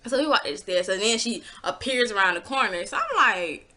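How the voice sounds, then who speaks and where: Animated bright-voiced young woman vlogger. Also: brisk. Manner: animated, acts out her own past lines with big pitch jumps; blunt, swears freely. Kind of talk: casual storytime.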